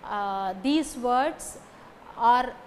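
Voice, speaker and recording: A woman's voice: fairly high pitch, very slow, a little mellow, a little hiss or hum. A woman with an Indian English accent teaching phonetics, repeating each example sentence and then calling out the stressed words. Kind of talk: slow recorded lecture with drilled example sentences.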